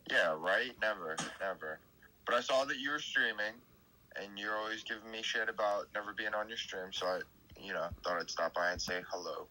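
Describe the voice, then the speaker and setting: A man's voice: lowish voice, fairly quick, pushed and bright, rough recording. A man dropping into a stream to chat in a laid-back, slangy way. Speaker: guest caller. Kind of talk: casual voice chat.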